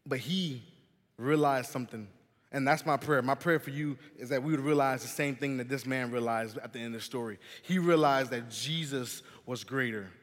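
A young man giving a youth sermon, telling a personal story in an animated, chatty way and often saying "man" and "listen". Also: mid-range voice, a little fast. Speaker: youth pastor. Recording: long hall reverb.

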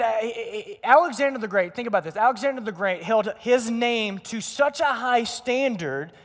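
A young man preaches in a church auditorium, telling stories with energy and acting out quotes. His voice sits high for a man. A long reverb from the large hall trails each phrase. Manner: energetic storytelling with acted quotes. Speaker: pastor. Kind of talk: sermon.

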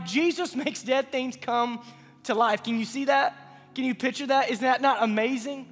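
A man preaching a youth sermon, moving between quiet pleading and loud calls. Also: very high-pitched, moderate pace, in a large hall, faint music behind. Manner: builds from hushed pleading to loud shouting. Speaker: youth pastor.

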